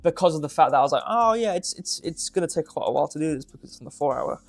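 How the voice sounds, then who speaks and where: A man co-hosting a casual crypto stream, explaining charts in a quick, rambling way. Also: on the high side, fairly even intonation, gravelly, a little mellow, soft background music. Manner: quick, rambling, self-correcting. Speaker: co-host and chart analyst. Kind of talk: casual chat.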